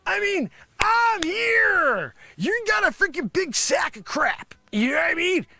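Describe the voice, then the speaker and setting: A man's voice: extremely high pitch, sing-song, unhurried, bright, forceful tone, slight background noise. A man doing an improvised comedic rant, exasperated and rambling. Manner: exasperated, rambling, repeats "freaking". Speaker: comedy performer.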